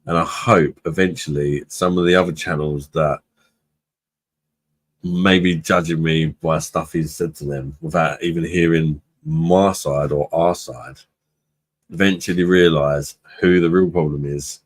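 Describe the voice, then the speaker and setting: A man's voice: a bass voice, fairly even intonation, unhurried. A man hosting a live-stream beer review, chatting casually with viewers in a blunt, sweary way and laughing often.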